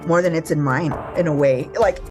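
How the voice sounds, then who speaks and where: A woman's voice: low voice, a little fast, over music. A woman in an interview, casually telling a story and quoting others, with lots of "like.". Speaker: interviewed homeowner.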